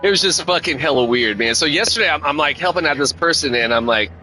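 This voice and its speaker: A man's voice: fairly high pitch, animated, fast, pushed and bright, soft background music, poor audio. A man streaming a sim race, rambling in casual, profane, slang-heavy commentary. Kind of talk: casual commentary while racing.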